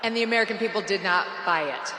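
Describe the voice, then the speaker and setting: A woman's voice: mid-range voice, fast, pushed and bright, slight background noise. A woman giving a political rally speech in a large venue, with a mocking, sarcastic and punchy delivery. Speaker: rally speaker. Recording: echoey arena PA reverb.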